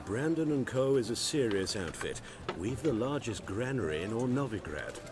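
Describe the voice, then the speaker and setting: An actor playing a wary, businesslike grain merchant in a video game, speaking stiffly and formally. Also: male voice, medium pitch, big pitch swings, moderate pace, noisy background, natural voice.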